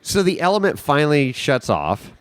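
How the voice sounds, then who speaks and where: A man, a podcast guest, telling a story in a casual, animated way, swearing freely and acting out the scene. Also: on the high side, moderate pace, clear, resonant tone, no room sound.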